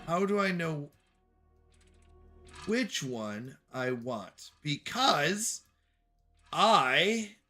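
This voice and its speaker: A man's voice: a little high, very animated, drawn-out words, pauses often, sharp tone, faint music behind. A man streaming a puzzle game, talking to himself and his chat in jokey, self-scolding asides. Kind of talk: live game commentary.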